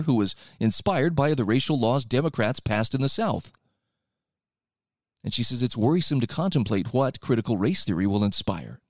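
A man's voice: mid-range voice, a little mellow, dry recording, clean studio sound. A man hosting a talk radio show, reading out and commenting on articles in a sarcastic, opinionated way.

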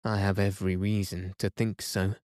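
A man voicing an unflappable older professor who speaks in a calm, measured, slightly provoking way. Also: sits low, no echo, clean studio sound, lightly acted.

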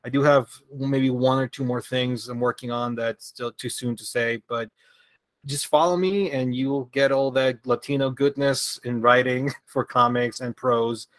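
A man's voice: mid-range voice, moderate pace, dry recording. Laughing Venezuelan man, swears freely. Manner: relaxed, hesitant, laughs often, swears freely. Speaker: guest, comic creator. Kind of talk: casual interview chat.

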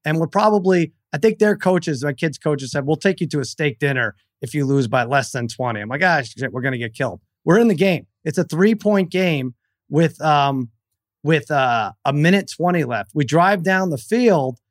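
A middle-aged man co-hosting a casual podcast chat, telling stories with animated energy. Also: fairly high pitch, normal speed, no room sound, studio quality. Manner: animated storyteller who acts out his own yelling. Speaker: co-host.

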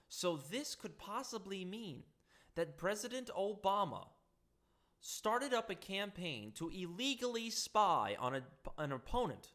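A man's voice: fairly high pitch, fairly bright tone. A man giving ranting political commentary, indignant and sarcastic, often stumbling over his words.

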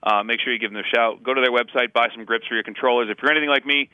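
Quick-talking male co-host, eager and chatty, bright voice, dry studio sound. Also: medium pitch, fairly even intonation, clear, resonant tone, no echo, dull audio. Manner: eager, chatty, many "like" fillers. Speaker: podcast co-host. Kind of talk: casual chat.

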